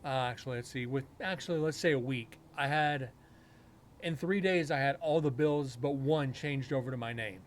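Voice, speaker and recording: A man's voice: medium pitch, normal speed, a little hiss or hum. A man hosting a live stream, telling a long personal story in casual chat, with rambling and frequent self-corrections. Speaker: paranormal show host.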